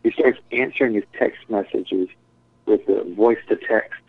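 A man's voice: fairly low pitch, steady tone, normal speed, no echo. A man telling a rambling story in casual chat, swearing and saying "dude" and "like" a lot. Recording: tinny phone-like sound, dry.

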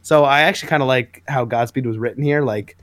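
A man's voice: medium pitch, fast, fairly bright tone, no echo. A man co-hosting a casual comic book podcast, recapping scenes with enthusiasm and acting out the lines. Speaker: podcast co-host.

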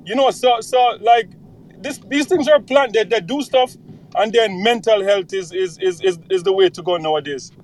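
Brief: high-pitched man, halting storyteller, casual. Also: slight background noise, rough recording. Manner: hesitant storytelling, many restarts. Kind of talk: casual discussion.

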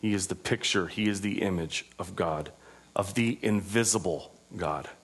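A man preaching a sermon as pastor, moving between raised, emphatic proclaiming and quiet, conversational asides, with an informal manner and frequent fillers. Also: low-pitched, normal speed, breathy edge.

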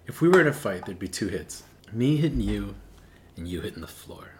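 A man, a priest co-hosting a casual chat, with dry deadpan humor. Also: lowish voice, moderate pace, a little hiss or hum. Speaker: priest and co-host. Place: indoors at a table after a meal.

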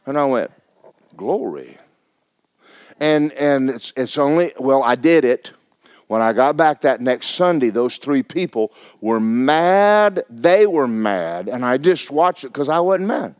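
A man, a pastor preaching and telling a story with animated bursts of loud shouting. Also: medium pitch, slow, clear, resonant tone, dry recording. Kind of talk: sermon.

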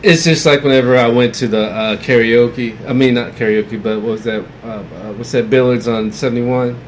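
Man, podcast co-host, mid-pitched, halting storyteller, faint room noise. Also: fairly even intonation. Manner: halting, rambling storyteller, profane. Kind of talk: casual chat.

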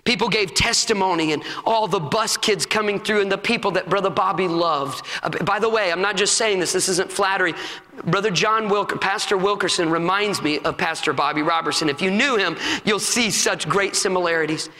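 Male pastor, bright high voice, passionate sermon, sanctuary reverb. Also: a little fast. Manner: impassioned preaching, rising to shouts. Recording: long hall reverb.

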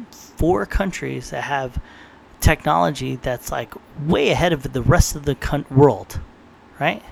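A young man from the San Diego area rambles casually and profanely in a podcast monologue, often quoting his own inner thoughts as he tells stories. His voice is mid-range and creaky, with a little hiss or hum.

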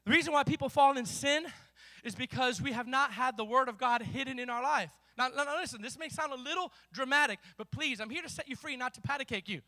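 A male pastor preaching a sermon with fiery, shouted bursts and slow, emphatic readings, joking with the congregation between points. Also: very high voice, no room sound. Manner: playful, jokes with the congregation.

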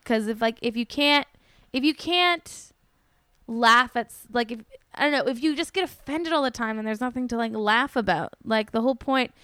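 A woman's voice: a little high, normal speed, sharp tone, clean tone, no echo, clean studio sound. A young woman comedian chatting casually on a podcast, rambling with lots of fillers and giggles. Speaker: comedian guest.

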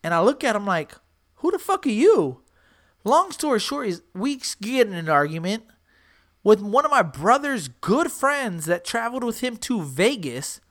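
Animated, profane woman podcast host. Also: medium pitch, moderate pace. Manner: animated, profane, repeats herself. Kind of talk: casual storytelling chat.

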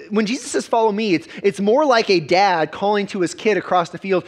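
A man, a pastor preaching a sermon with emphatic repetitions and quick restarts. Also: high-pitched.

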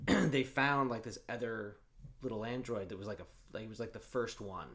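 A man chatting casually as a podcast co-host, rambling through a story and reading messages aloud in a flat voice. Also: on the low side, normal speed. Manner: rambling storyteller, swears, reads chat logs aloud in a flat voice. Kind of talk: casual chat.

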